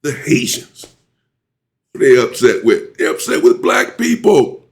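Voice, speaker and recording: A man hosting his own commentary channel, ranting indignantly and jumping to high exclamations. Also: sing-song, unhurried, creaky.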